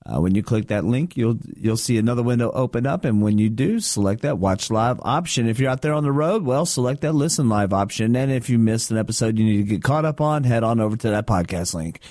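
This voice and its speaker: A man reading a scripted promo for a radio show in a brisk, instructional way. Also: mid-range voice, expressive, darkish tone, dry recording, studio quality.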